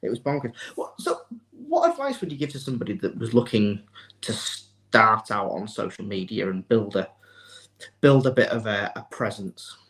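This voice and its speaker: A man's voice: fairly low pitch, very animated, normal speed, a bit bright, poor audio. A man hosting a podcast interview, chatting casually and often backing up his guest with short agreements. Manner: agreeable, frequent short backchannels. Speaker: podcast host.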